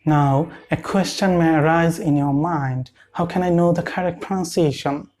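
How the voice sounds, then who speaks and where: A man teaching pronunciation, speaking deliberately and repeating each word for the viewer to copy. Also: fairly high pitch, a little mellow. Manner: slow, deliberate, repeats words for drilling. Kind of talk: pronunciation lesson.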